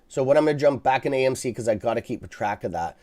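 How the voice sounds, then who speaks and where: A man's voice: mid-range voice, animated, fast, darkish tone. A man hosting a live stock market stream, talking casually and bluntly to his viewers, swearing freely and checking in with "okay?" as he rambles through restarts. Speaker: livestream stock trading host.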